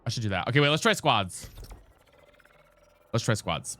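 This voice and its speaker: With a medium-pitched, very animated, fairly bright voice at normal speed, a man chats casually with viewers during a live game stream. He swears, calls them "girl and guys," and asks his teammates again and again if they have mics.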